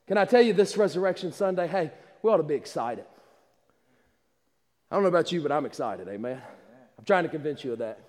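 A man's voice: a little high, lively intonation, fairly quick, pauses often, darkish tone, long reverb tail. A man preaching a fervent, repetitive livestreamed Easter sermon in a small church, with frequent restarts.

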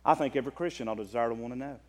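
A Southern US-accented preacher, mid-range in pitch, delivers a fervent sermon with a big-room sound. He moves between loud, lingering declarations and fast, hushed asides.

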